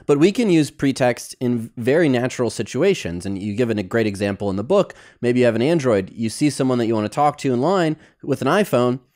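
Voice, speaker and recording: A man hosting a podcast interview, asking measured follow-up questions and summarizing the guest's points. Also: medium pitch, a little mellow. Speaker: podcast host.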